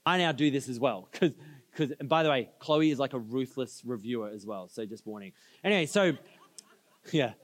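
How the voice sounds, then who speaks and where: A man's voice: mid-range voice, animated, fairly quick. A man preaching a sermon, telling stories with casual asides and getting the audience to answer back. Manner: storytelling, conversational asides, audience call-and-response. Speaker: pastor. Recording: reverberant hall.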